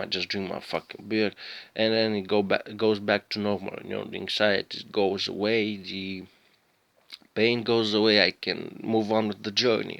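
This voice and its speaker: A man's voice: fairly low pitch, gravelly, a bit bright, no room sound. A man, an English speaker, telling a rambling, profane story and often stopping to search for words. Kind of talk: rambling casual storytelling monologue.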